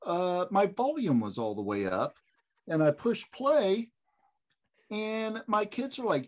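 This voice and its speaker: A man in his thirties, co-hosting a casual podcast, who tells stories with lively, rising excitement. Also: slow, slight background noise. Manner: animated storyteller, jumps high when excited. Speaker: co-host.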